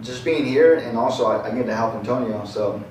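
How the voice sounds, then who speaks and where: A man's voice: medium pitch, brisk, a little mellow, far from the mic. Earnest young man off-mic, echoey. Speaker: service technician. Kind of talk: casual interview chat. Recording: echoey room, off-mic, faint noise.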